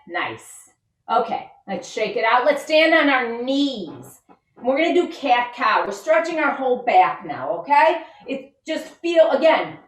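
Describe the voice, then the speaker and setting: A woman leading a children's yoga and mindfulness lesson, giving upbeat, encouraging step-by-step instructions. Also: high voice. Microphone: camera set back from her. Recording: roomy sound from a distant mic.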